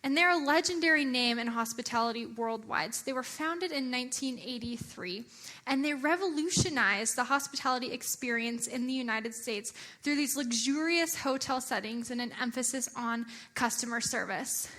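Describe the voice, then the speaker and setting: Bright, high-voiced woman giving a church talk. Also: moderate pace. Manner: chatty, animated, with filler words. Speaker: church speaker.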